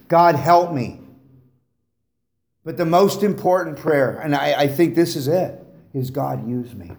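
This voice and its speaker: A middle-aged man giving a personal testimony to a recovery meeting, telling stories with humor and animation. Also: a little high. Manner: animated storytelling, jokes with the audience. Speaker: guest speaker at a recovery meeting. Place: meeting room with a live audience.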